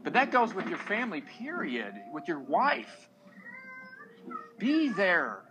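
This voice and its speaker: A man's voice: high-pitched, very animated, normal speed, noisy background. A man in his thirties, a single father on a podcast, talking earnestly and emotionally to other men. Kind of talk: casual podcast talk.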